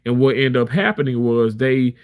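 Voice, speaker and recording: A live streamer talks to camera in a mid-range voice at a moderate pace, telling a story as a casual rant. He is candid and emphatic and restarts his sentences many times.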